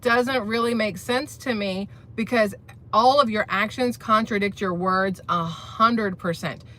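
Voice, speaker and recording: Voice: medium pitch, measured pace, sharp tone. A channel host giving blunt, opinionated political commentary in a casual vlog, talking straight to viewers and rambling through restarts.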